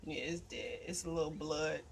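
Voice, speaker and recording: A woman's voice: low voice, level tone, moderate pace, a little hiss or hum. A woman vlogging on her outdoor balcony. She talks to her viewers in a jittery, nervous way, often murmuring under her breath and then letting out sudden yelps. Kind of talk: casual vlog talk to viewers.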